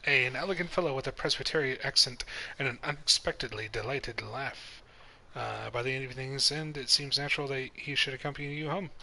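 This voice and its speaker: A man's voice: mid-range voice, a little fast, vocal fry, hardly any pauses, bright, forceful tone, poor audio. A man giving casual let's-play commentary, reading the on-screen text aloud between offhand asides. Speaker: gameplay commentator.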